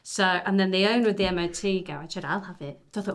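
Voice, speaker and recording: A woman's voice: medium pitch, fast talker, fairly bright tone. A woman photographer in a casual conversation, telling heartfelt stories in a rambling way. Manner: rambling, heartfelt storytelling with restarts.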